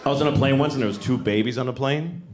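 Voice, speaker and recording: A man's voice: mid-range voice, racing. A man doing a stand-up comedy set in a comedy club, wry and exasperated, acting out little voices. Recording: roomy club recording with crowd noise. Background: audience laughter.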